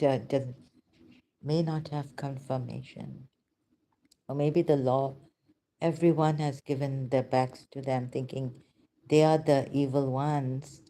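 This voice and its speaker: A woman talks slowly in a deep, dark voice, pausing often and sinking into whispers. She sounds overwhelmed and emotional. A faint hiss sits under her voice. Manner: halting, hushed, often breaks into whispers. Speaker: vlogger. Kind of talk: unscripted spoken reflection.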